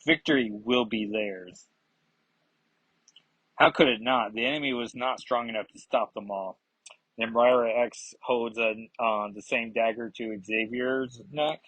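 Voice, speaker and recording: A man's voice: mid-range voice, steady tone, unhurried, bright, forceful tone, husky, no room sound, rough recording. A man casually reviewing a comic book, rambling with frequent fillers and self-corrections.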